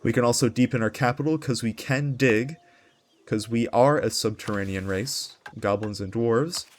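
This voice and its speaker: A man's voice: mid-range voice, normal speed. A man hosting a let's play, giving casual strategy game commentary with rambling asides.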